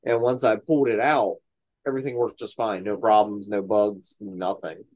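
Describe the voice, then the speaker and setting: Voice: medium pitch, steady tone, moderate pace, a little mellow, lo-fi sound. A podcast co-host chatting casually over a video call, rambling with lots of fillers. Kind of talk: casual chat.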